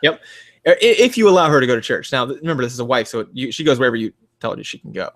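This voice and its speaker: A man's voice: medium pitch, lively intonation, racing, a bit bright. A man co-hosting a podcast, riffing sarcastically and swearing as he mocks what he reads, often slipping into mocking voices. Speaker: podcast co-host; advises parents. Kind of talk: casual comedic commentary.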